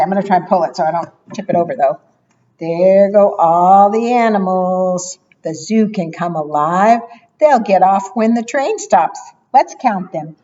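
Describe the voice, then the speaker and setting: A woman, a children's librarian, reading picture books aloud at preschool storytime, gentle and encouraging, often asking the children questions. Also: lowish voice, breathy edge, far from the mic, highs cut off.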